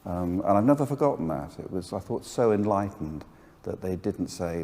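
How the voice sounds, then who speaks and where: A low, mellow-voiced man in his sixties recalls his student days in an anecdotal, halting way. His voice rings with a long reverb from a large hall. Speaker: composer, guest. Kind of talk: conversational reminiscence on stage.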